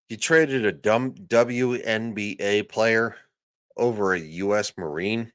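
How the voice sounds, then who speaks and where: A man with a lowish voice rants through a livestream in a sarcastic, crude manner. He breaks off to read viewers' chat comments aloud. The recording is dry and close, with no room sound. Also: slow, smooth, dry recording. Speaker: livestream host.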